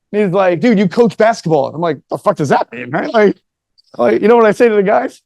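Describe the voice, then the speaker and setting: A man's voice: sits high, lively intonation, fast talker, no room sound. A man telling a casual, joking story to a live audience, chatty and profane, and talking back to the room.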